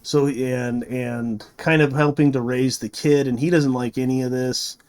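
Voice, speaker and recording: A man's voice: medium pitch, fairly even intonation, a little slow, a little mellow, clean tone. Rambling man recapping a movie plot. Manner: rambling, many fillers and restarts. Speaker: movie reviewer.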